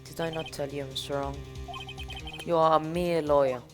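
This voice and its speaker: A woman's voice: low-pitched, steady tone, normal speed, natural voice. A woman voicing a haughty, threatening older male villain in a video game, speaking with cold condescension. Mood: gloating. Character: smug, menacing rich older male villain. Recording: game music playing behind. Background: game music.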